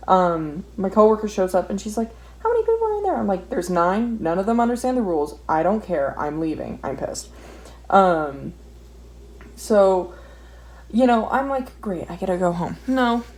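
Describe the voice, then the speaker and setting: A woman's voice: medium pitch, lively intonation, unhurried, darkish tone, low-quality recording. A young woman telling a story while she draws, ranting and swearing in an exasperated, casual way. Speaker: vlogger.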